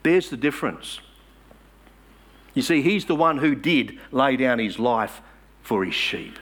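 A man's voice: mid-range voice, animated, measured pace, a bit bright, husky. A man preaching a sermon in church, emphatic and asking the congregation rhetorical questions.

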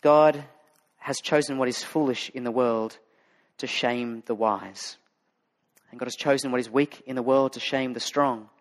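A man's voice: medium pitch, fairly even intonation, unhurried. A man with an Australian accent preaching a sermon as a pastor, talking conversationally and telling stories with many fillers and restarts. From Sydney, Australia.

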